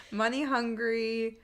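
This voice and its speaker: A young woman co-hosting a casual podcast. She tells the story quickly, laughs often along the way and quotes what other people said. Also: fairly high pitch. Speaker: podcast co-host. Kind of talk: casual chat.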